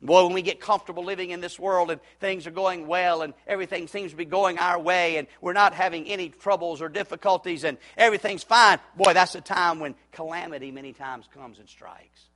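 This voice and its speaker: Guy preaching hard, kinda high voice, yells then drops real quiet and pleads. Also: steady tone, fairly quick. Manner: swings from loud urgent shouting to low hushed pleading. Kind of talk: evangelistic sermon.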